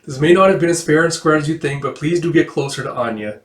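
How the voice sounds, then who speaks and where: A man voicing a calm, polite young spy father while reading a manga aloud. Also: fairly high pitch, reverberant, recorded from a distance, natural voice. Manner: polite, measured.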